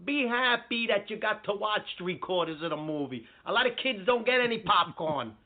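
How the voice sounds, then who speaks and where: A man's voice: high voice, lively intonation. A man voicing a brash, profane cousin who boasts about building walls. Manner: swaggering, profane, fast-talking. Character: brash Bronx-style male wall-building cousin. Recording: tinny phone-like audio, husky.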